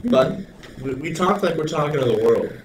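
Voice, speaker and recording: A man's voice: a little high, animated, moderate pace, noisy background. Joking young man in an echoey room. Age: young adult. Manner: joking, prodding. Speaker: podcast co-host. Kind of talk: casual chat. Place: library.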